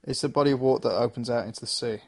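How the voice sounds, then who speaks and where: A man's voice: mid-range voice, fairly even intonation, racing. A man co-hosting a casual podcast chat, patiently explaining things. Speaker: podcast co-host.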